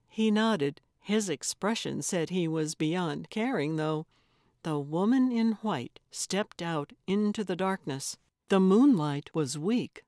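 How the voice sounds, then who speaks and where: A woman narrating a cozy mystery audiobook in a measured, storytelling manner. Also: on the low side, a little mellow, no room sound, clean studio sound. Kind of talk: scripted narration.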